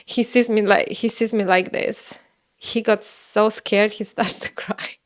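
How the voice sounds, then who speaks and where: A young woman whose first language is Russian, telling a personal story in a casual, animated way, with sudden high exclamations. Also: a little slow. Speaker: vlogger telling her birth story.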